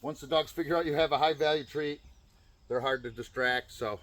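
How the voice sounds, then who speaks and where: A male dog trainer explaining recall training outdoors in a calm, practical way. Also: fairly quick. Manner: calm explaining, bursts of high excited praise to a dog.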